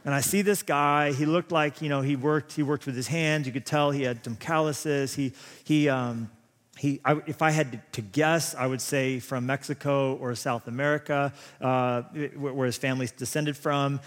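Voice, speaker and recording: A man's voice: mid-range voice, fairly even intonation, normal speed. A man in his thirties preaching a sermon, telling rambling, self-deprecating stories full of restarts. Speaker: pastor. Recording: long hall reverb.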